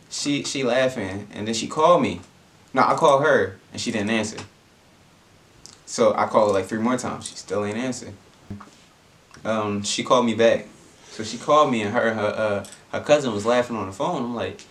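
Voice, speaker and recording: A young man tells a story in a casual vlog. His voice sits fairly low, and his delivery is laid-back and slangy, full of fillers and restarts. A faint hum of room noise stays under the speech. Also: normal speed, a bit bright. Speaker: vlogger.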